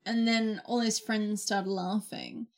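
A woman's voice: medium pitch, takes it slowly. A young adult woman, chatting casually and exclaiming often as she tells stories. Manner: chatty, exclamatory, lively storytelling. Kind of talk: casual chat.

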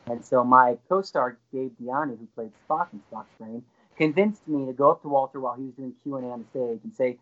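A man guest on an interview, telling an excited anecdote with lively jumps in his voice. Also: a little fast, muffled recording. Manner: animated, excited storyteller with frequent pitch jumps. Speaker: guest actor. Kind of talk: casual anecdote storytelling.

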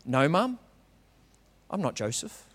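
A man's voice: extremely high pitch, big pitch swings, a little slow, heavily acted. A man voicing an eager young boy. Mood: insistent. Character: excited young boy in a nativity play.

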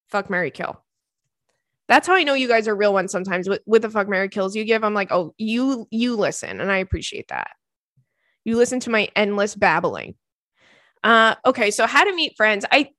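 A young woman hosting a podcast, chatting casually, ranting and laughing often, her voice swinging between loud and soft. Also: medium pitch, no echo, clean studio sound. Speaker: podcast host. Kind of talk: casual chat.

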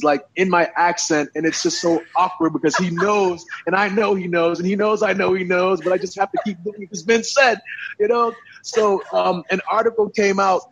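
A man tells a long story as an interview guest, his voice a touch high and husky. He talks in an animated, rambling way, full of fillers and repeated words. The recording sounds dull and muffled.

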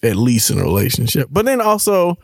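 A man's voice: medium pitch, very animated, brisk, vocal fry, darkish tone, husky, no echo, studio quality. A young man from New York co-hosting a podcast, talking in a rambling, hesitant way and teasing his co-host. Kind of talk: casual chat.

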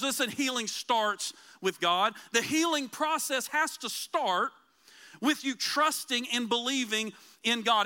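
A man preaching a conversational sermon as pastor, earnest and emphatic, slowing down to repeat key phrases. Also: high-pitched, pushed and bright.

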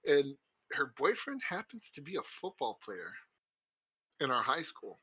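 A man's voice: medium pitch, huge pitch swings, measured pace, bright, forceful tone, husky, dry recording. A young man co-hosting a podcast, rambling through crude stories with lots of swearing and laughter. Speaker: podcast co-host. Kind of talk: casual chat. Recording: muffled lo-fi recording.

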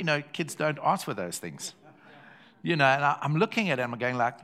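A man's voice: fairly high pitch, very animated, moderate pace, sharp tone. An older man with a South African accent, preaching a sermon built around a personal story and repeating phrases for effect.

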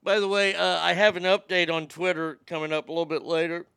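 A sarcastic, foul-mouthed man riffs on the headlines like a show host. His voice sits high and bright with a gravelly edge. The sound is close and dry. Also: little pitch movement, fast, no room sound. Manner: sarcastic, profane, mocking. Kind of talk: crude political commentary.

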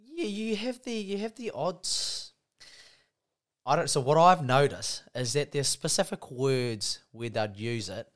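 A man's voice: medium pitch, animated, a little slow. A man with a New Zealand accent, co-hosting a casual, laid-back chat and often saying "bro" and "you know".

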